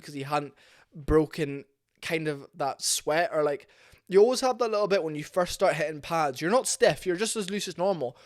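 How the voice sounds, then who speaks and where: A man ranting bluntly in a casual, sweary vlog about fighting. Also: on the high side. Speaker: MMA commentary vlogger. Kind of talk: opinionated casual rant.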